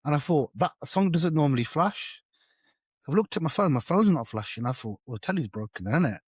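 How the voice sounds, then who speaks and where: A man's voice: on the high side, fairly quick, slightly rough, no echo. Slangy man on a dry mic. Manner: slangy, animated storyteller, swears freely. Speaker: podcast co-host. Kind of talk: casual storytelling chat.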